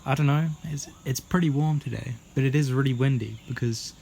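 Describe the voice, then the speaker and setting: A man's voice: mid-range voice, fairly quick, vocal fry, mellow, a little hiss or hum. A young British man rambling through a jokey, meandering monologue outdoors in a garden, swearing a lot and slipping into silly voices. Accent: British English. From Britain. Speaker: vlogger.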